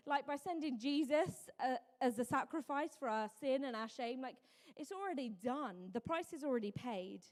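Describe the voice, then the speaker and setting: A woman in her thirties giving a Mother's Day sermon, telling a story with lively mimicked voices. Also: high-pitched, normal speed. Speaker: preacher. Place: church hall. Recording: long hall reverb.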